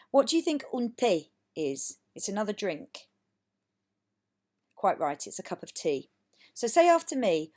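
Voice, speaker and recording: A woman's voice: fairly low pitch, sing-song, moderate pace, a little mellow. Encouraging woman teaching a recorded lesson. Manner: patient, encouraging, models words for repetition. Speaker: language teacher.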